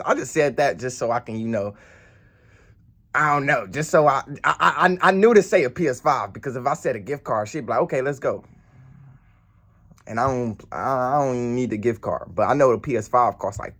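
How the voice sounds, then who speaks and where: A man's voice: medium pitch, brisk, fairly bright tone, husky. A man telling a story to camera in a blunt, profane, rambling way. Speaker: vlogger. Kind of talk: casual storytelling.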